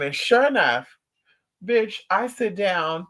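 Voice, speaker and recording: Animated, profane man chatting with viewers. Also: high voice, moderate pace. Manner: animated, profane storytelling with playful asides to viewers. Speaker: vlogger talking to viewers. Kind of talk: casual livestream chat.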